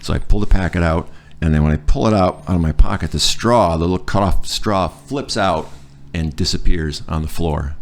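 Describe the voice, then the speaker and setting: A man's voice: deep voice, moderate pace, hardly any pauses. A middle-aged man telling stories in a casual chat, cursing freely and acting out what people said. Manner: profane, animated storyteller who acts out quotes. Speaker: podcast guest. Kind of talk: casual storytelling.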